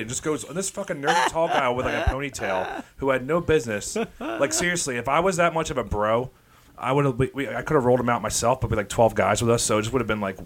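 A comedian appearing as a podcast guest tells a crude, rambling story in casual chat, laughing along the way. His voice is medium-pitched and fast.

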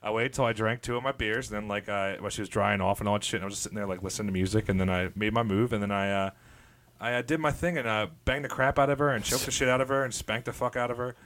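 A man's voice: fairly low pitch, steady tone, rapid-fire, a bit bright. A young man, podcast co-host, telling a rambling, boastful story in casual chat and laughing at his own jokes.

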